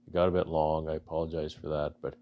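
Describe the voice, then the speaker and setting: A deep-voiced man from Canada with a gravelly, fry-laden tone speaks to camera as a beekeeping vlogger. He talks in an earnest, halting way, restarting his sentences often. His voice is emotional and close to choking up. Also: level tone, phone-quality sound. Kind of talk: casual heartfelt talk to camera.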